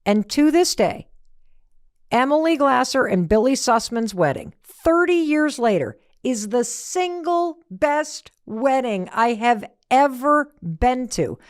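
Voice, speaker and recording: A middle-aged woman hosting a motivational talk, animated, asking rhetorical questions and acting out everyday scenes. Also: high-pitched, takes it slowly, smooth, dry recording, studio quality. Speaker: podcast host.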